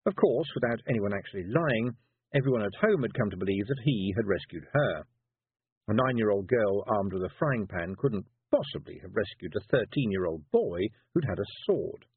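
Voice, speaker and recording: A man narrating a storybook with a low, very husky voice that rises and falls widely. The reading is expressive and measured, and the sound is dry and tinny like a phone line. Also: no room sound. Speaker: audiobook narrator.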